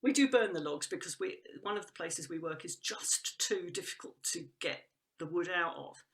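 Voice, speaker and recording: A woman's voice: on the low side, expressive, normal speed, fairly bright tone. A woman talking as a guest about trees and woodland work, enthusiastic and rambling, with frequent restarts and laughs. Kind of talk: casual conversational chat.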